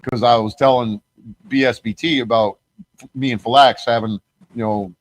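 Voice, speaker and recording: Man, podcast host, heated, swearing a lot, rambling, mid pitch, dry close mic. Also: steady tone, moderate pace, no room sound. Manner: profane, heated, rambling storytelling. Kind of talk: casual conversation.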